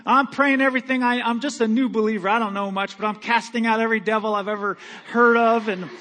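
A man's voice: sits high, fairly even intonation, quick pace, sharp tone. A male pastor preaching a storytelling sermon in a conversational, self-mocking way with many fillers.

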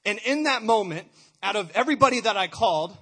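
Young man, husky voice, personal testimony, earnest, repeats words as he goes. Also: high-pitched, animated, quick pace, fairly bright tone. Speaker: speaker sharing a testimony.

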